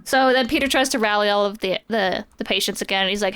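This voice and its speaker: A woman's voice: medium pitch, fast talker, few pauses, a bit bright, clean tone. A woman casually recapping a comic book story on a podcast, chatty and playful, slipping quoted lines into her retelling. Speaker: podcast co-host.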